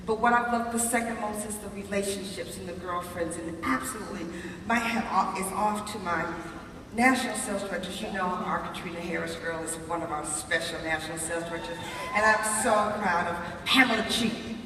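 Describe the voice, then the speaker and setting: A middle-aged woman giving an exuberant motivational stage speech, chanting rhymes and repeating how excited she is. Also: medium pitch, brisk, noisy background. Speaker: sales director speaking on stage. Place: large arena with audience. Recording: echoey arena from far off, loud crowd.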